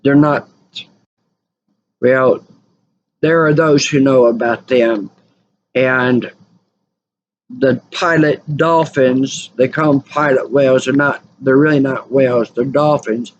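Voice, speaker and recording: A woman's voice: very deep voice, steady tone, slow, long pauses. A woman telling stories in a rambling, casual monologue, repeating and correcting herself. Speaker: channel host. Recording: dull lo-fi recording with faint noise.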